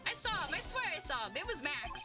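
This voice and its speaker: A woman's voice: sits high, big pitch swings, fast talker, music in the background. A woman doing a whiny, childish male witness. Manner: whiny, petulant. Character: whiny grown man witness, childish and defensive.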